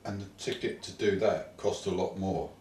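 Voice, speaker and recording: A man hosts a comic chat with dry wit and sudden theatrical rants. His voice sits a little low. The room is echoey and he is some way from the mic. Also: steady tone, normal speed, darkish tone, a little hiss or hum. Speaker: co-host. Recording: roomy echo, distant mic.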